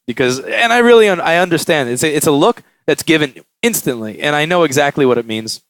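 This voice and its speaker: A man who owns a repair shop talks to camera in a casual vlog monologue. He tells stories animatedly with a lively, swinging pitch and a slightly raised voice, and the sound is dry and close. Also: fast, hardly any pauses, no echo. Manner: animated storytelling, acts out quotes.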